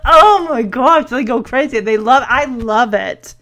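A chatty woman with a slightly high voice recaps a TV episode in casual commentary. She talks with open enthusiasm, often says "like" and jumps into quick acted snippets of the characters' lines. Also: expressive, noisy background. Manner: chatty, enthusiastic, heavy use of "like".

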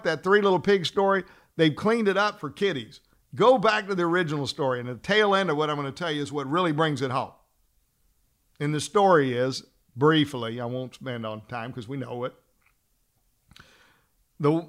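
A folksy trial lawyer gives a casual storytelling lesson about courtroom argument. His voice sits fairly high for a man. He talks in an animated way and often trails off and starts his sentences again.

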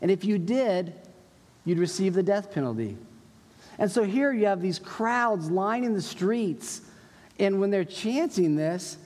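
Male pastor, chatty teaching sermon, higher voice, echo of a big church hall. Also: lively intonation, unhurried, a little mellow. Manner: conversational, explanatory preaching with quoted voices. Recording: long hall reverb.

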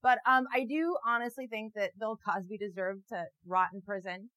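A young adult woman delivering a rambling, profane comic monologue, sarcastic, with bursts into loud mocking voices. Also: medium pitch, fairly even intonation, normal speed, poor audio. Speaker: comedian. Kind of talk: stand-up style comic monologue. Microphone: new wireless mic, walking around.

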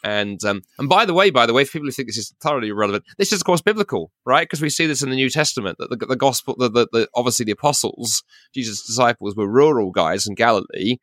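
A man's voice: medium pitch, animated, a bit bright, no room sound, studio quality. A man from South London with a Received Pronunciation English accent, co-hosting a podcast in a playful, chatty way, full of restarts and asides. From South London, England. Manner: rapid, chatty, many restarts and "you know"s, playful. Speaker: podcast co-host. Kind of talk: casual chat.

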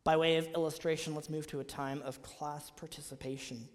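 A man's voice: on the high side, level tone, fairly quick. A man preaching a sermon to his congregation, asking his listeners emphatic rhetorical questions. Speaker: pastor. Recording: long hall reverb.

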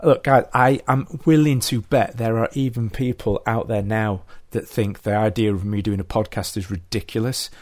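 A man's voice: fairly low pitch, steady tone, normal speed, hardly any pauses, darkish tone, no echo. Upbeat male podcast host, dry sound. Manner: upbeat, encouraging. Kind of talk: casual podcast interview.

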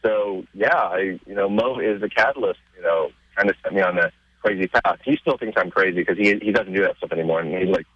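A man being interviewed on radio, telling stories casually and getting excited, his voice jumping up in pitch as he retells scenes. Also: brisk, slightly rough, no echo, highs cut off. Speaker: interview guest.

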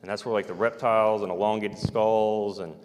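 A man telling a long personal story in a halting, rambling way, with many fillers and restarts. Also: on the low side, fairly even intonation. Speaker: storyteller recounting personal experiences. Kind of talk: rambling first-person account. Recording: long hall reverb.

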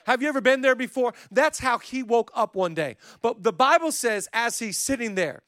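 A man preaching a sermon as pastor, swinging from soft, close passages to loud, emphatic calls. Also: very high-pitched, animated, normal speed, few pauses, dry recording. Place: church stage.

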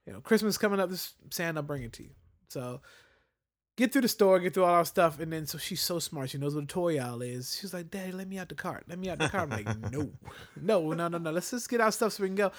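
A man's voice: fairly high pitch, animated, brisk. A young adult man telling a story in a casual chat, acting out the voices of the people in it. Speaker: podcast co-host.

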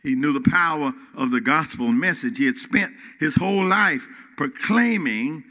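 A man preaching a sermon in a church, swinging between loud rises and quiet drops and calling out to the congregation. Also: a little high, animated, normal speed. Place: church hall. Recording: reverberant hall.

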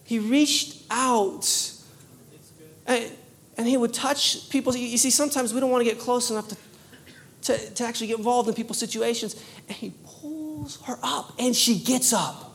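A woman preaching a sermon, telling a story with lively animation, often repeating words and restarting. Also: on the high side, moderate pace, vocal fry. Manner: animated storytelling, laughing at herself.

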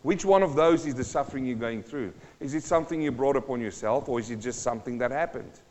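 A man's voice: medium pitch, quick pace, darkish tone. A pastor preaching a sermon, emphatic and repetitive, asking his congregation rhetorical questions. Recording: dull sound with long hall reverb.

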